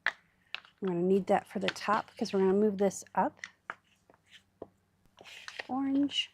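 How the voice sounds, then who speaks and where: A woman's voice: mid-range voice, takes it slowly, noisy background. A woman hosting a crafting livestream, chatting casually and thinking aloud with fillers as she works.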